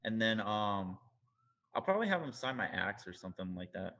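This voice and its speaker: Modest male guest, low gravelly voice, easygoing and trailing off mid-thought. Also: sing-song, a little fast, bright, forceful tone, dull audio. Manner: laid-back, modest, trailing off. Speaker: guest cosplayer. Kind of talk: casual interview chat.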